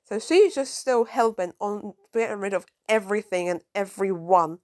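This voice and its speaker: A woman reviews a comic book casually, getting excitable and swearing often, and she stumbles and corrects herself as she reads lines aloud. Her voice is mid-range and her pace moderate.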